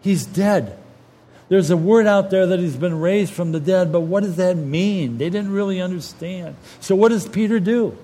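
A man delivering a sermon with a somewhat high-pitched voice. He preaches in a lively, colloquial way, slipping into casual, street-level phrasing as he retells scripture stories. The feel is warm storytelling from the pulpit rather than formal recitation. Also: normal speed.

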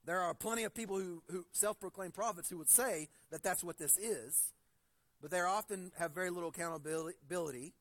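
High-voiced man preaching a sermon. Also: fairly bright tone, no echo. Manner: conversational storytelling with frequent restarts; reads scripture slowly and deliberately. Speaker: pastor.

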